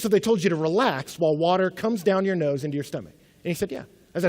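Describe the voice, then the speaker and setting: Male preacher with a high voice, acts out quotes, drops to near whispers for emphasis. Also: racing. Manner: storytelling with quoted voices, swings from loud to hushed. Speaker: pastor. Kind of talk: sermon.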